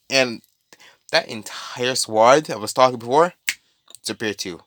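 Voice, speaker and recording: Man, casual storyteller, rambling, mid-pitched voice, dry close sound. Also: measured pace, pauses often, fairly bright tone, no room sound. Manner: rambling, full of restarts and asides.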